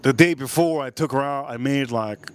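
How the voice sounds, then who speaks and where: A man's voice: medium pitch, moderate pace, clear, resonant tone. A man hosting a casual livestream, telling a crude story with lots of repetition. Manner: crude, rambling, repeats himself for effect. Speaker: livestream host.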